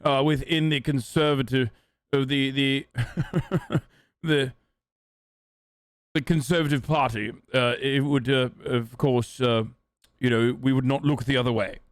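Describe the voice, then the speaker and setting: A man's voice: mid-range voice, fairly even intonation, no echo, clean studio sound, natural voice. A man putting on a posh British accent to play a pompous, rambling politician who stalls with endless ums and uhs. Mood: mock-pompous. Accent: put-on posh British. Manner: halting, full of ums and uhs.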